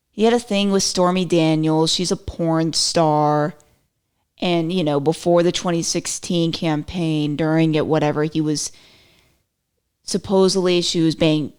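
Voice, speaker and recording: A woman hosts her own podcast in a loose, rambling commentary, full of "like"s and self-corrections. Her voice sits a little low for a woman. She jumps between playful asides and mock-indignant quotes. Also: a little mellow, smooth. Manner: chatty, rambling, self-interrupting with lots of "like". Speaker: podcast host. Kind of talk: casual solo commentary.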